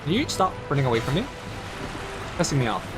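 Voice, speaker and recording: A man's voice: medium pitch, very animated, fast, music in the background. A man streaming gameplay, muttering at enemies in an impatient, grumbling way and speaking in a made-up accent. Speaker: game streamer. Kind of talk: live gameplay commentary.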